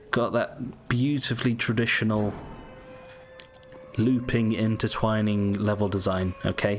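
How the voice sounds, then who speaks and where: Rambling British gamer commentator, lowish voice, faint hum under the track. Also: male voice. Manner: chatty, rambling, self-correcting. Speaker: gaming YouTuber. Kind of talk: casual game commentary.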